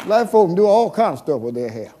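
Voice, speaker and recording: A pastor preaches in a high, lively voice that leaps up and down. He moves between quiet, drawn-out passages and sudden shouted calls to the church. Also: a little hiss or hum. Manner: call-and-response preaching, swings from soft to shouting. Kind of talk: sermon.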